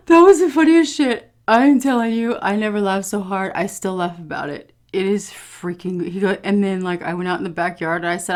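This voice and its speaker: Woman vlogger, tired, casual chat at home, candid, swears freely, mid-pitched voice. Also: a little fast, hardly any pauses, darkish tone. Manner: candid and chatty, swears freely, keeps saying "you guys". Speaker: food vlogger.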